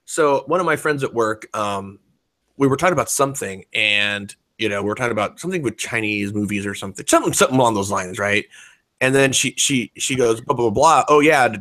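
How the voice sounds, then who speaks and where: A man's voice: lowish voice, brisk, sharp tone, no echo. A man in his forties talking in a rambling, profane way, full of fillers and restarts. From United States. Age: 40s. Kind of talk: casual chat.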